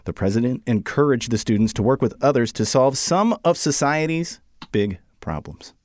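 A man's voice: mid-range voice, sing-song, normal speed, no echo, clean studio sound. A man co-hosting a casual chat, steadily reading news items and prompting his co-host. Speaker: podcast co-host.

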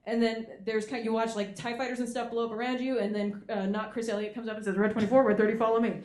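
A woman's voice: fairly high pitch, flat delivery, quick pace, darkish tone. A woman on a panel, telling a story with animation and frequent giggles, recorded live in a roomy space. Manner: giggly, breaks into laughter. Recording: roomy live room sound.

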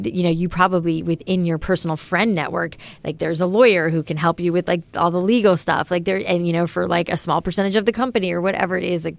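A middle-aged business founder with a deep, gravelly voice chats loosely in a casual interview, scattering fillers like "you know" and "like" throughout. The recording is dry.

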